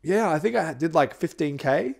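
A man's voice: a little high, expressive, normal speed, creaky. A young man co-hosting a music reaction review, talking in a laid-back, tired way and swearing casually.

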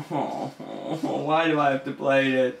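A man's voice: medium pitch, fairly even intonation, slow, vocal fry, roomy sound. A young man commentating a horror game as he plays, nervous and easily scared, swearing and laughing. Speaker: gamer. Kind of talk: let's play commentary.

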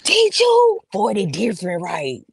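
Animated woman chatting, laughing often. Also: mid-range voice, a little slow, vocal fry, breathy edge, dry recording. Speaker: livestream co-host. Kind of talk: casual chat.

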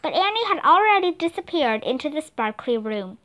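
A woman narrates a children's story with animated expression. Her voice sits high and moves a great deal in pitch. The delivery is clear storytelling. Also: normal speed. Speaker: reader. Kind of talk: audiobook narration.

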